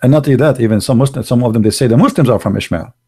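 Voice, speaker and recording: A man's voice: medium pitch, rapid-fire, warm tone, husky. A man from the Arab world, hosting an online show in a blunt, emphatic monologue full of rhetorical questions and grammar. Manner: broken, non-native grammar. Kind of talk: opinionated livestream monologue.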